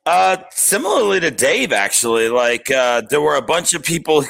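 A man's voice: a little high, moderate pace, gravelly, low-quality recording. A man co-hosting a casual podcast, explaining loosely with many fillers. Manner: relaxed, filler-heavy explaining. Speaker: podcast co-host.

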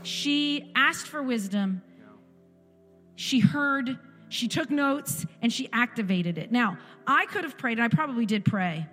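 A woman's voice: a little high, expressive, moderate pace, a bit bright. A woman in her forties giving an emphatic sermon testimony in a church service, repeating phrases for effect. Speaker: guest speaker in a church service. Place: church sanctuary. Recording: echoey church hall with music.

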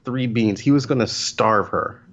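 A man in casual chat as a podcast co-host, laughing and joking, slipping into quick impressions. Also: mid-range voice, dull audio. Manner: laughing, animated, jokey impressions.

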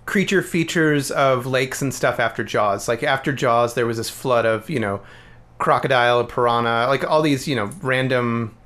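A man's voice: medium pitch, moderate pace, fairly bright tone. A man co-hosting a podcast, chatting eagerly about films and laughing often. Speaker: podcast co-host. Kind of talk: casual chat about films.

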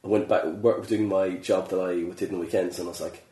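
A man's voice: sits low, fairly even intonation, dark tone. A man from Ireland with a West Cork accent, chatting enthusiastically as host. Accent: Irish, West Cork. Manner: enthusiastic, quick, lots of fillers. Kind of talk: casual chat. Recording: echoey room.

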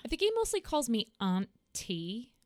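A woman's voice: a little high, very animated, a little slow. A podcast co-host with a Boston South Shore accent, chatting casually, joking and swearing as she tells stories. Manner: joking, swears freely, laughs often. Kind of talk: casual chat.

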